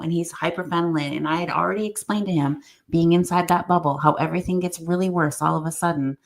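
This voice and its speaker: A middle-aged woman with a low, gravelly voice tells a story to a podcast host. She acts out the voices of the people she quotes with lively animation. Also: fast talker. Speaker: guest. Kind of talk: storytelling in conversation.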